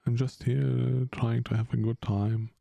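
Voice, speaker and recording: A man's voice: medium pitch, level tone, measured pace, vocal fry, warm tone, dry recording. A man streaming a video game, rambling casually and chatting with his viewers as he plays. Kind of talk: casual live-stream commentary while gaming.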